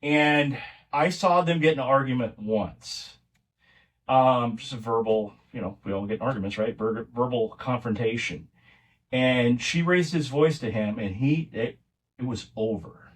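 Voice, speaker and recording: A man's voice: medium pitch, measured pace, recorded from a distance. A middle-aged man, a podcast guest, telling family stories in a casual, rambling way with many restarts. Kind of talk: casual conversational storytelling.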